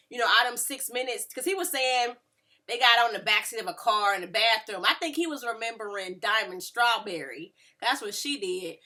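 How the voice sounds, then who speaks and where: A woman, casually recapping a reality show and acting out quotes with lively voices. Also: a little high, moderate pace. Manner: animated, mimics people in quotes. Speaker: reality TV reviewer.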